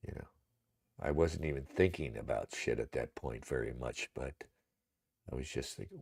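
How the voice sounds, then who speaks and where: A man's voice: a bass voice, normal speed, vocal fry, a little mellow, slightly rough. A man hosting a livestream, talking in a rambling, casual way, with many fillers and much cursing. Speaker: livestream host.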